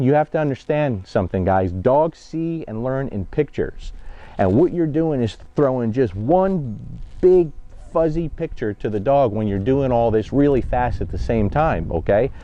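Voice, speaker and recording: In a medium-pitched, dark-toned voice, a blunt man from New Jersey, USA, coaches dog handling in an instructional training vlog, staying direct and conversational and repeatedly checking in with "okay?" and "guys." The recording is dry, with a dull, muffled lo-fi mic sound.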